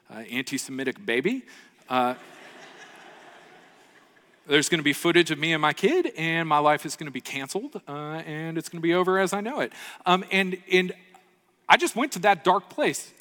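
A man's voice: a little high, pushed and bright. A man preaching a sermon as pastor, earnest and storytelling, often checking in with the congregation. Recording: long reverb of a large hall.

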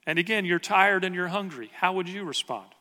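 A man's voice: high voice, a little fast, bright, forceful tone, big-room sound. A man preaching a sermon as pastor, earnest and conversational, asking the congregation rhetorical questions.

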